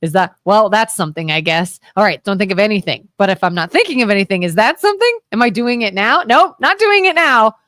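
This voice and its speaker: A woman co-hosting a local talk radio show, telling rambling, animated stories in casual chat. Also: mid-range voice, a little fast, hardly any pauses, no room sound, clean studio sound. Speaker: co-host.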